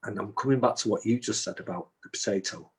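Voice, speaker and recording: A man with a low, husky voice tells a long story as a guest. He stumbles and restarts often, and he acts out each person's words as he goes. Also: fast. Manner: recounts events with repeated restarts and acted-out quotes. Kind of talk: storytelling in conversation.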